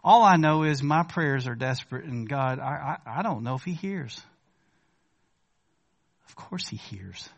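A man preaching a sermon in a church, talking conversationally to the congregation and rising to emphatic questions before dropping to quiet asides. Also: medium pitch, expressive, normal speed, hardly any pauses, highs cut off. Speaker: pastor.

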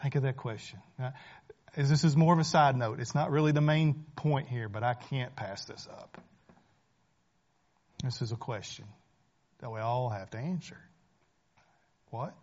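A man preaching a sermon as pastor, talking conversationally, rising to emphatic points and dropping to hushed ones. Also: mid-range voice, highs cut off.

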